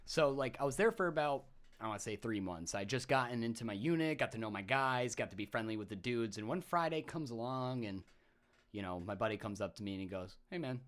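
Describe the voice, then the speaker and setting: A young man tells his stories in a relaxed podcast conversation. He is animated and slips into other people's voices when he quotes them. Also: mid-range voice, brisk. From Massachusetts, USA. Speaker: podcast guest, former soldier. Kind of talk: casual storytelling chat.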